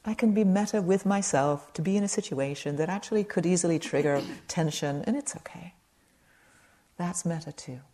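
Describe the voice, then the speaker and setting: A woman meditation teacher giving a gentle, conversational dharma talk at a retreat, speaking to a live audience with light humor. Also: lowish voice, moderate pace.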